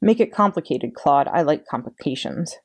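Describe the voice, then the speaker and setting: A woman's voice: deep voice, expressive, normal speed, darkish tone, slightly rough, no echo. A woman voicing an impatient young boy who whines and demands in a raised, pushy voice. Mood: eager. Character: boy of about nine, grumpy and impatient.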